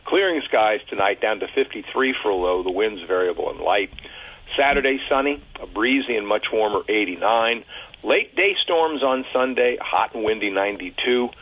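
Low husky weather guy, easygoing, sounds like he's on a tinny phone line. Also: animated, moderate pace, no echo. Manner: easygoing, joking. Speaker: weather forecaster. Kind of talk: radio weather report and banter.

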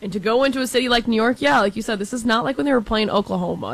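A woman's voice: a little high, very fast, no room sound, poor audio. A woman in her twenties from Texas, co-hosting sports talk in a chatty, frank way full of fillers. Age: 20s.

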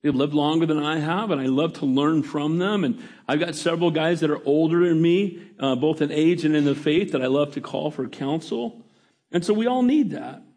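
A middle-aged pastor preaches in a conversational way, frequently asking the congregation for an amen. His voice is a little high and a little mellow, at a moderate pace.

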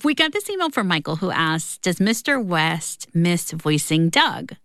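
Smooth, dry-voiced woman host. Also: lowish voice, big pitch swings, unhurried, a bit bright, dry recording. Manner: reads listener emails, conversational questions. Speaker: interview host. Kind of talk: conversational interview.

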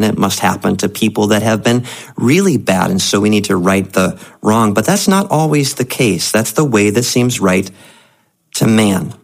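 A man's voice: lowish voice, creaky, breathy edge. A male pastor preaching a sermon in a conversational, emphatic way.

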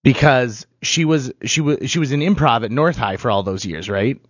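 A man's voice: medium pitch, normal speed, husky, no echo, lo-fi sound. A man co-hosting a radio show, telling stories in casual, playful banter. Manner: storytelling, playful. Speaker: radio co-host.

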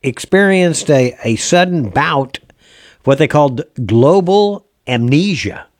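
A man hosting a radio show, chatting casually in a rambling, halting way with many restarts. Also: fairly high pitch, lively intonation, no room sound, studio quality. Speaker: radio host.

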